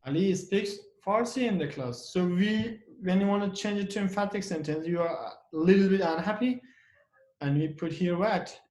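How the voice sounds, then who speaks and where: A man's voice: high-pitched, moderate pace, a little mellow. A male teacher speaking in a slightly raised register. He runs the lesson by asking questions and answering them himself, and he repeats and stresses example sentences. The room around him rings with echo. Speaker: English teacher. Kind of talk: classroom grammar lesson. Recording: echoey room.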